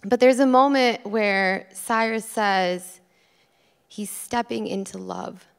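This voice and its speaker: A woman's voice: mid-range voice, slow, creaky, clean tone. A woman moderating a live author event, carefully reading out a question from the audience. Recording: reverberant hall sound.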